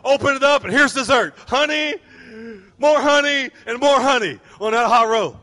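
A pastor preaching a sermon, telling stories animatedly and acting out people's voices. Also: male voice, extremely high pitch, moderate pace, bright, forceful tone, in a large hall.

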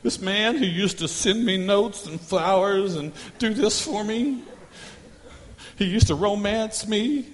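A man's voice: sits high, slow pace, in a large hall. A man acting out an exasperated young wife who wails self-pitying complaints during a sermon illustration. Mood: whiny.

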